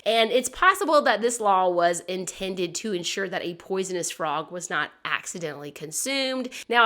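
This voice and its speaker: A woman hosts a history podcast, walking through odd stories in a chatty, amused way. Her voice is bright and forward, and she laughs between points. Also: mid-range voice. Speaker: podcast host. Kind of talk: casual history storytelling.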